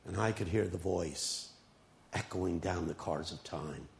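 A man's voice: sits low, a little slow, gravelly. A male preacher delivering a dramatic sermon, telling stories with humor.

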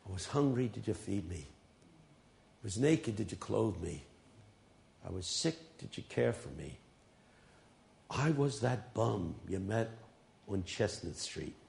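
A man voicing a solemn divine figure who speaks in a hushed, low voice. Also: lively intonation, takes it slowly, gravelly, pauses often, full character voice. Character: solemn divine male voice of judgment.

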